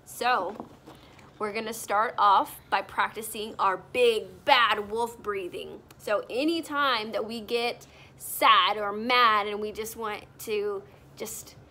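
A young woman leading an online morning circle for young children, in a sing-song, encouraging voice. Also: medium pitch. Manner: bright, sing-song, slow and encouraging, talking to small children. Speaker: preschool teacher.

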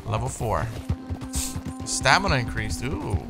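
A man with a gravelly, creaky voice giving loose let's-play commentary as he plays. He chats along, swears freely and gets irritated easily. Loud game music runs behind his voice. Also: medium pitch, big pitch swings, a little slow. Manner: chatty, swearing, easily annoyed. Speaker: gameplay streamer.

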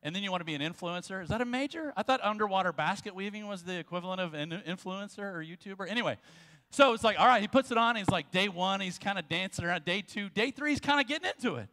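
A man preaching a sermon as pastor, telling jokes and stories with quick asides. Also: sits high, lively intonation, bright, forceful tone. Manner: jokey storytelling with quick asides. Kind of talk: sermon with humor. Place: church sanctuary. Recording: long church hall reverb.

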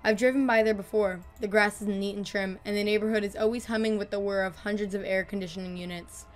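A woman calmly reading horror stories in scripted narration, growing softer and quieter on the grim lines. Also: mid-range voice. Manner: calm, measured, dropping softer on grim lines. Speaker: storyteller. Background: faint music.

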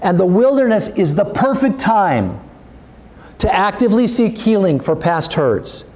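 A man's voice: big pitch swings, measured pace, a little mellow. A male pastor preaching a sermon, earnest and urging, his voice rising as he exhorts the congregation. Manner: earnest, urging, rises in pitch when exhorting.

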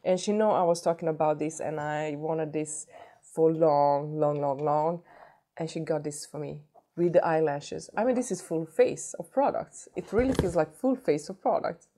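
A woman's voice: low-pitched, moderate pace, mellow. A woman opening a gift box for her vlog, gushing and emotional, repeating her words. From Sweden. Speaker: beauty vlogger. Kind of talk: unboxing vlog.

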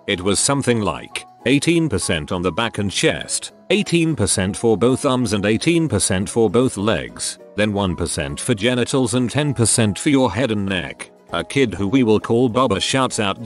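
A man narrating online posts aloud as a storyteller, with animated delivery. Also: fairly low pitch.

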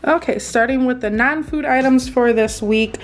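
A young woman from the Midwest talks her viewers through a shopping haul in an easy, rambling way, full of ums and likes. Her voice is hoarse and a bit congested from a recent illness. Faint music plays underneath. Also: high voice, moderate pace. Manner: chatty, filler-heavy, addresses viewers directly. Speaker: vlogger. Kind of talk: casual haul vlog talk.

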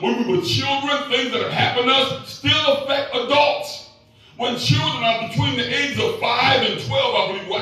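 A middle-aged man preaching a sermon as pastor, animated and joking with the congregation. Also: extremely high pitch, very echoey, far from the mic, rough recording.

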